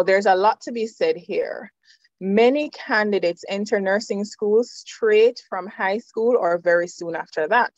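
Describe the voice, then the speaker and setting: Woman, nursing lecturer; measured, firm delivery; dry, muffled lo-fi sound. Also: mid-range voice, no room sound. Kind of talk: presentation to students.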